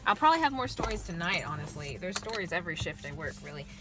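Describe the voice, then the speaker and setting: A woman in her twenties casually telling stories from her day to the camera, chatty and quick to laugh. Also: on the low side, big pitch swings. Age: 20s. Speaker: vlogger. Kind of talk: casual storytelling vlog. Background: music.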